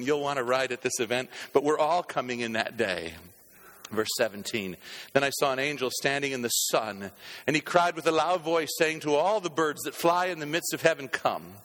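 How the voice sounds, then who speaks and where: A man preaching a sermon, reading scripture aloud and commenting, rising to emphatic peaks and dropping low and quiet. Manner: rises to emphatic, climbing peaks then drops low and quiet.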